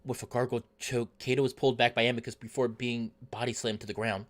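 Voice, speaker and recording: A man's voice: mid-range voice, quick pace. Man narrating a visual novel. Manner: steady first-person narration. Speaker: let's play narrator. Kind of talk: reading a visual novel aloud.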